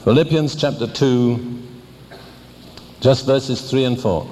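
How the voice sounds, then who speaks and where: An older man preaching a sermon, teaching deliberately and asking pointed questions. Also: mid-range voice, lively intonation, creaky, a little mellow, long reverb tail, slight background noise.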